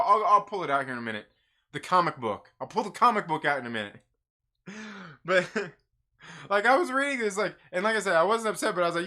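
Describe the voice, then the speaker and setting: A man's voice: high voice, sharp tone. A man hosting a live stream and reviewing comic books in casual, rambling, profane chat, laughing often.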